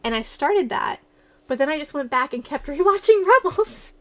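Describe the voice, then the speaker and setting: A woman livestreamer in casual chat, excitable and giggly as she gushes like a fan. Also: sits high, normal speed.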